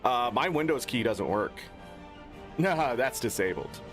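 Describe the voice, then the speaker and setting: A man's voice: expressive, slow, a bit bright, soft background music. Angry profane gaming streamer man. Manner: profane, exasperated ranting with swings in pitch. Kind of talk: angry off-the-cuff stream rant.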